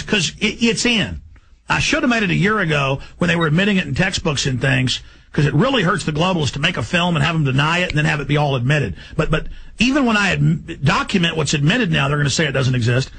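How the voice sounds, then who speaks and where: A man hosting a talk radio show, ranting rapidly in an agitated, emphatic way. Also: a little high, expressive, vocal fry, fairly bright tone, a little hiss or hum, low-quality recording.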